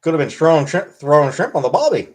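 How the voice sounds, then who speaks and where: A man's voice: on the high side, sing-song, fast talker, darkish tone, voice pushed up. A man doing a hammy mock Aussie bloke. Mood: playful. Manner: exaggerated slangy twang. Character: jokey mock Australian bloke.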